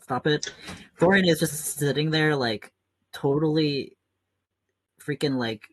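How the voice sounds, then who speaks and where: A man's voice: a little high, a little slow, poor audio. Male player, casual chatty delivery, typing heard behind. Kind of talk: casual tabletop play.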